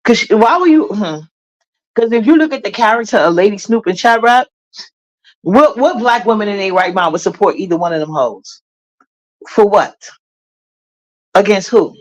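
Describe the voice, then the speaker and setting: A woman's voice: medium pitch, lively intonation, normal speed, long pauses, rough recording. A woman hosting a livestream, talking bluntly and with sass straight to her chat. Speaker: livestream host.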